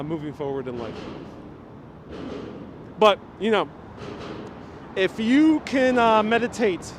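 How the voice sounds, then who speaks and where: A young man with a New York accent hosting a live stream while walking a city street, joking and reading out viewer comments. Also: high voice. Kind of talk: casual live-stream chat. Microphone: wireless clip-on mic. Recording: loud street traffic behind.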